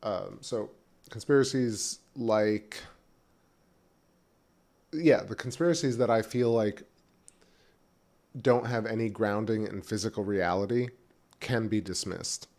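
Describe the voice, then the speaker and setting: Man, low voice, casual livestream host, rambling chat, back porch. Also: slow, long pauses, a little mellow. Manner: rambling, chatty, some restarts, chewing while talking. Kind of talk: casual live-stream chat. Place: back porch at home, outdoors.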